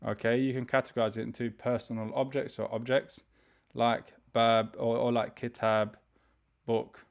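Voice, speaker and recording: A man teaching an online beginner's language class, explaining grammar step by step and reading vocabulary slowly for students to repeat. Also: medium pitch, creaky. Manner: explains step by step, reads words slowly for repetition; frequent fillers and restarts, conversational. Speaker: Arabic teacher.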